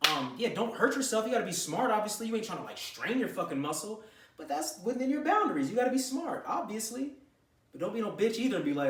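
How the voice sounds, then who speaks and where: A man's voice: a little high, expressive, fairly quick, fairly bright tone, recorded from a distance. Brief: man, blunt profane lecturer, camera mic set back in an echoey room. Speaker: vlogger giving gym advice. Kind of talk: unscripted talking-to-camera rant.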